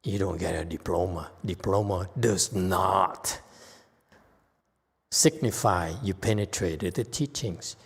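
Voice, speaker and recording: Slow-speaking man lecturing in a reverberant hall. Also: low voice, creaky, husky. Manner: slow, animated, quizzes the audience. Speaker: Buddhist teacher. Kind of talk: Dharma lecture.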